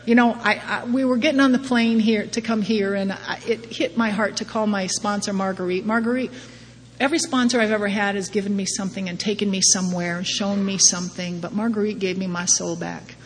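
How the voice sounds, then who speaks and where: A woman's voice: medium pitch, steady tone, fairly quick. A middle-aged woman giving a personal testimony talk at a recovery meeting, wry and self-deprecating, often laughing at herself. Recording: long hall reverb, faint background noise.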